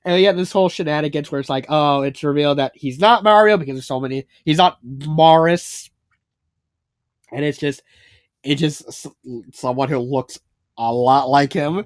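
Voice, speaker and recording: A man's voice: fairly high pitch, moderate pace, no room sound, clean studio sound. A man giving a rambling, casual spoken review, full of fillers and swearing. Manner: rambling, filler-heavy, swearing, laughs a lot. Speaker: fanfiction reviewer.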